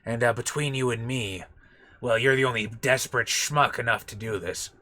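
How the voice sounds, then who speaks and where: A man's voice: mid-range voice, moderate pace, sharp tone, close to an everyday voice. A man voicing a sly, scheming male alien junk dealer with a slightly nasal, half-hearted put-on voice.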